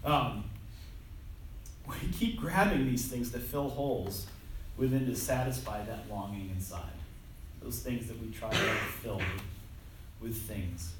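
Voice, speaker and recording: A man's voice: fairly low pitch, unhurried, long pauses. A man preaching a sermon in a church hall, conversational and self-deprecating, with frequent restarts. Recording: echoey hall from far off, faint noise.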